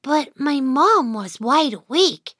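A woman voicing a sleepy, patient young child who narrates a children's cartoon, in a gentle storytelling manner. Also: high voice, expressive, slow pace, no echo, clean studio sound, heavily acted. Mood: narrating.

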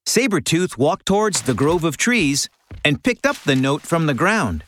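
A woman narrating a children's audio story in a clear, storytelling manner. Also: low voice, sing-song, moderate pace.

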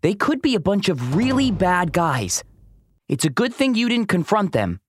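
A calm, kindly dog sheriff. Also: female voice, lowish voice, moderate pace, slight background noise. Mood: serious. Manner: calm, instructive. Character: kind dog sheriff, patient and protective. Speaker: safety teacher.

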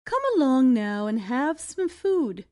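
A woman's voice: high-pitched, lively intonation, takes it slowly, darkish tone, no echo, clean studio sound, pitched below the performer's own voice. A woman voicing a kind old woman, a giant's wife, in a storybook reading, with a kindly, fussing manner. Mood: coaxing.

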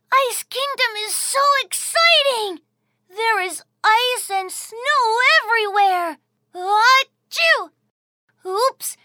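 An eager little boy, acted by a woman, who bursts with cheerful exclamations. His voice is extremely high and very bright, and he speaks at an unhurried pace in a dry, close recording for a children's audio story. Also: dry recording, full character voice.

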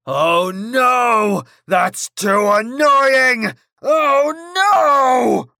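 A huge, grouchy dinosaur, voiced by a woman, rumbles in a lowered, gravelly tone and drags out every word. The voice is edgy and bright, and the room is dry. It belongs in a children's storybook. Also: animated, no echo, exaggerated voice. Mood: angry. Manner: gruff, slow, threatening. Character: big grumpy male dinosaur.

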